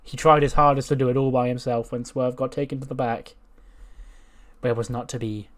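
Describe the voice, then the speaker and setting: A man's voice: medium pitch, fairly even intonation, a little fast. A man hosting a game channel, casually recapping simulated wrestling matches with blunt, swearing commentary.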